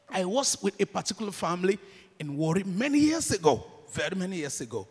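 A Nigerian man preaching in a church hall, his husky voice rising from hushed storytelling to shouted declarations. His pitch leaps and falls all over, and a long reverb trails behind each phrase. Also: very animated, fast. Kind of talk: sermon with storytelling.

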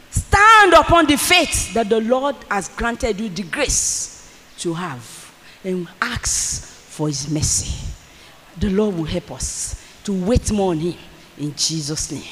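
Fervent preacher with a lively, bright voice. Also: mid-range voice, long reverb tail. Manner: fervent, repeats lines for emphasis, often bursts into shouts. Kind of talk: sermon.

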